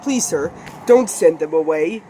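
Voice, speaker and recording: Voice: medium pitch, animated, measured pace, warm tone, a little hiss or hum, close to an everyday voice. A reader voicing a small, anxious young male tank engine who pleads and frets. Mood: pleading. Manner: pleading, fretful.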